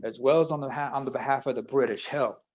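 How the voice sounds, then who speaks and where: A man in casual stream chat who talks in a halting, soft-spoken, emotional way. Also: mid-range voice, fairly even intonation, muffled recording.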